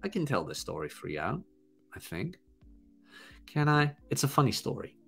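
A man who hosts a podcast, giving a blunt, crude, animated casual monologue. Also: mid-range voice, normal speed, creaky, breathy edge, faint music behind. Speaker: podcast host.

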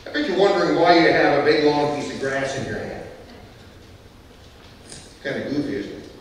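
A man's voice: on the high side, moderate pace, slight background noise. Man, pastor, playful children's sermon, call and response, long church reverb, distant mic. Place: large church sanctuary. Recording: echoey church hall from far off.

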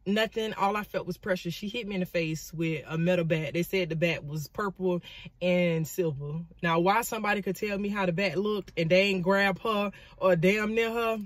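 Woman, animated storyteller, dramatic asides, dry close sound. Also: lowish voice, no echo. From Florida, US. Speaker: vlogger and motivational speaker. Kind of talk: storytelling vlog.

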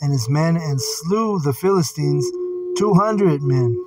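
A man's voice: a little high, lively intonation, takes it slowly. Blunt, profane man teaching scripture. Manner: reads scripture aloud, then comments bluntly with profanity. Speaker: Bible teacher. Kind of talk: casual Bible study commentary. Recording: distant mic with singing bowl music.

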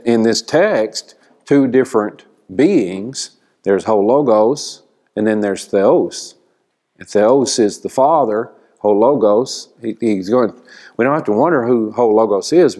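A man teaching a church Bible class, explaining slowly and asking the class questions. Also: lowish voice, darkish tone.

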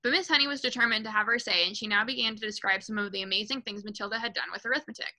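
A woman's voice: medium pitch, very fast, bright, forceful tone, rough recording. A woman reading a children's novel aloud to a book club, with small slips and asides. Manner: reads with light commentary and small slips.

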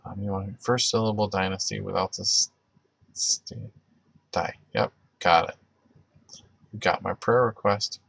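A man hosting a livestream, praying and then chatting with viewers, halting with many fillers and restarts. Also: on the low side, fairly even intonation, vocal fry, fairly bright tone, dry recording. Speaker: livestream host. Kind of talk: closing prayer and live chat with viewers.

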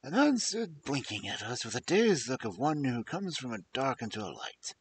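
A man reads a classic detective story aloud with expressive narration. His voice is slightly husky and moves lively up and down in pitch, sitting in a middle register. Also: normal speed. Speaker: audiobook reader.

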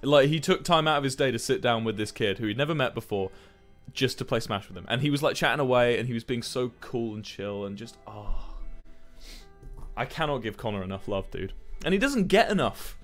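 A young man chatting casually to his stream viewers, telling stories in a rambling, animated way with plenty of swearing. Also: mid-range voice, brisk, faint music behind.

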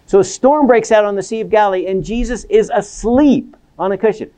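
A man's voice: sits high, a little fast, dark tone. A man giving a seminary lecture on the Bible. He asks questions and answers them himself, and keeps checking in with his listeners with "right?".

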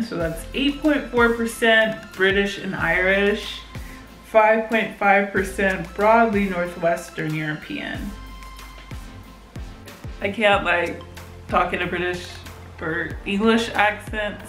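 A woman's voice: mid-range voice, takes it slowly, fairly bright tone, soft background music. A young woman vlogging casually, chatty and giggly with lots of fillers. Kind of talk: casual vlog chat. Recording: roomy echo.

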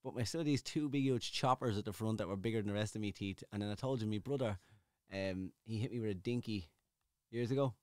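A man's voice: on the low side, fast talker, a little mellow, dry recording. An Irish man in his thirties, a guest in casual podcast chat, jokey and swearing, in a studio. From Ireland. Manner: jokey, swearing, laughs often.

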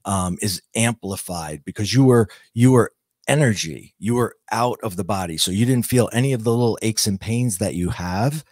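Earnest low-voiced man recounting an experience. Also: darkish tone, no echo, studio quality. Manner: earnest, slow and reflective with restarts. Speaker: podcast guest, author. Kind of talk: personal storytelling.

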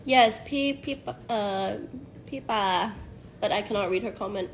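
A woman's voice: medium pitch, unhurried, slight background noise. A young woman hosting a casual livestream chat, giggling often as she reads comments. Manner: giggly, switches between English and Thai. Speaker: livestream host.

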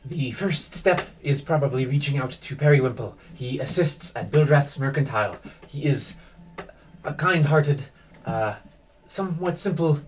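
A man's voice: medium pitch, distant mic, a little hiss or hum, lightly acted, rough recording. A man voicing a worried young noblewoman in a tabletop game, speaking earnestly and formally with hesitations.

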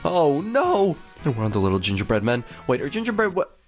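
A young man giving excitable game commentary, gasping and reacting as he plays. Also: medium pitch, racing, soft background music. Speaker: gaming YouTuber.

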